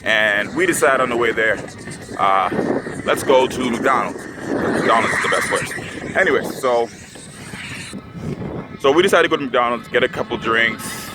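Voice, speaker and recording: A man's voice: medium pitch, animated, measured pace, long pauses, heavy background noise. A young man telling a story to camera in a casual, rambling way, full of filler words. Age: young adult. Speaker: vlogger.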